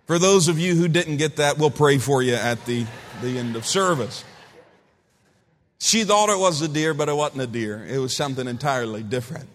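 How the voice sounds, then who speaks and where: A man's voice: on the high side, moderate pace, slight background noise. A man preaching a sermon as pastor, folksy and joking, telling stories between Scripture readings. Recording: reverberant church hall.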